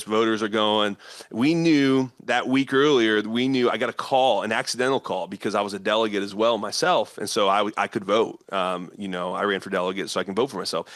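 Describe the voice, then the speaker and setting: Lively Midwestern man telling a story. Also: lowish voice, normal speed, no room sound, studio quality. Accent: American Midwestern. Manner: acts out quoted voices, laughs often. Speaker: guest, politician and former pastor. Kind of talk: animated storytelling in conversation.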